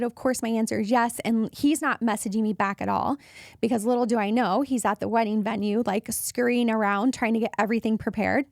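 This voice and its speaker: A woman in her thirties hosting a podcast, telling a personal story in a casual, animated way and acting out the voices of people she quotes. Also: fairly quick, no echo, clean studio sound. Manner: animated, acts out quoted voices with jumps in pitch. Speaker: podcast host.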